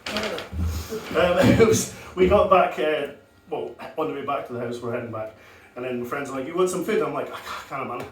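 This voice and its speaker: A man's voice: fairly high pitch, lively intonation, moderate pace, background noise. A young man doing a crude, self-deprecating stand-up set at an open mic, telling stories and laughing at himself. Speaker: stand-up comedian. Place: comedy club stage with audience. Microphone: handheld corded mic, recorded from far. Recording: echoey club room from far off.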